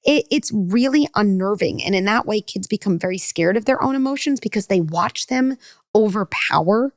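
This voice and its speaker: A woman speaking as a parenting expert in a podcast conversation, talking quickly and acting out children and parents with lively shifts in her voice. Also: mid-range voice, dry recording, clean studio sound. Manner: fast, animated, acts out kids and parents with voice shifts.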